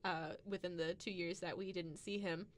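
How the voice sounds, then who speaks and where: A woman's voice: on the low side, normal speed, no echo. A woman co-hosting a podcast, chatting casually and telling an anecdote with frequent laughter. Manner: giggly, storytelling, animated. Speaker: podcast co-host. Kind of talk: casual chat.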